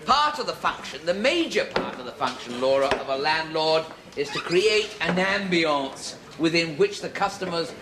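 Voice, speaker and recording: A man's voice: a little high, lively intonation, normal speed, hardly any pauses, noisy background, close to an everyday voice. An actor playing a fussy, chatty pub landlord in a 1970s sitcom, chattering and laughing at his own jokes. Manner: chattering, giggling, self-amused. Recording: studio audience laughter.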